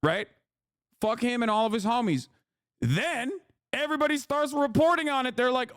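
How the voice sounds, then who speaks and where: A man's voice: extremely high pitch, moderate pace, pauses often, fairly bright tone, dry recording, clean studio sound. A man in his thirties, a streamer giving casual, profane, exasperated commentary on news.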